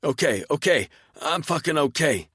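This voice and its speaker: A man's voice: on the high side, animated, moderate pace, a bit bright, breathy edge, no echo, clean studio sound, pitched above the performer's own voice. A man voicing a tough male zombie fighter who swears in strained outbursts.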